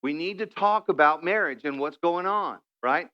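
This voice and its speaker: High-voiced pastor preaching conversationally. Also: male voice, moderate pace, dull audio. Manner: conversational, playful, acts out quoted couples. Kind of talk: sermon. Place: church sanctuary.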